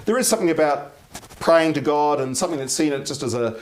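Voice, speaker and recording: A middle-aged man, talking casually as an interview guest, animated and quick to act out quoted voices and laugh. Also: fairly high pitch.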